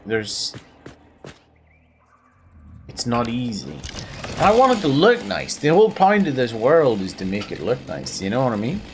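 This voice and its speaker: Over a noisy background, a man with a Belfast accent streams a video game and offers wandering, self-mocking commentary, now and then making silly noises. His voice is fairly low.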